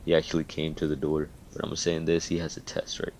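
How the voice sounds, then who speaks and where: A man's voice: very deep voice, completely flat delivery, a little fast, a little mellow, slight background noise. A man casually telling a fan-fiction story, talking loosely with swearing and frequent fillers.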